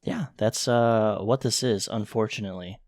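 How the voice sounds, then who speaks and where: A man's voice: lowish voice, normal speed, darkish tone, dry recording. Laid-back wry man, dry sound. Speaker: podcast co-host. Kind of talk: casual banter about video games. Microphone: remote call recording.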